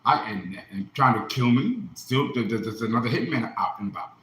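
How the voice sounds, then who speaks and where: A man in his fifties pours out an earnest, impassioned monologue, his pitch swinging widely as he talks. His tone is bright and forceful, and he often circles back to repeat himself. The voice rings in an echoey room. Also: sing-song, normal speed. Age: 50s. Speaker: astrologer and occult teacher. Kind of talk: emotional personal monologue.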